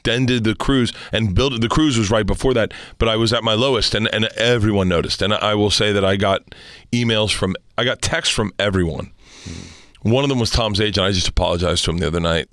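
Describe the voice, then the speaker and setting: Man, middle-aged, from Florida, guest comedian, animated, profane storytelling, low voice, dry. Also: a little fast, no room sound. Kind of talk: casual storytelling.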